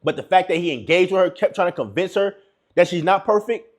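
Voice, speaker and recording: A man comments on a clip and hands out relationship advice. His voice is high and husky. He repeats his points like a preacher and acts out what others might say. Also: expressive, a little fast. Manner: preachy, repetitive, acts out quotes.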